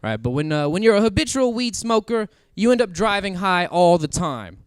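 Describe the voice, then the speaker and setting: Stand-up comedian: young man from Kansas City, high lively voice, crude storytelling, dry stage mic. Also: normal speed, clean tone, no echo. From Kansas City, USA. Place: stage before a live studio audience.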